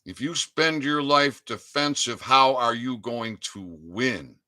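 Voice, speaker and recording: An older man ranting in an impassioned monologue, swinging between loud outbursts and low muttering. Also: slow pace. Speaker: activist channel host.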